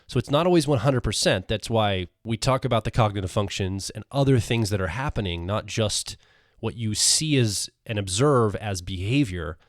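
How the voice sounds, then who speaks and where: A man co-hosts a podcast with a fairly low voice. He speaks in a relaxed, conversational way and qualifies points as he goes. The recording is dry and close. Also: normal speed, dry recording. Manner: relaxed, adds caveats and qualifications. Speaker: podcast co-host. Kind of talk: casual podcast talk.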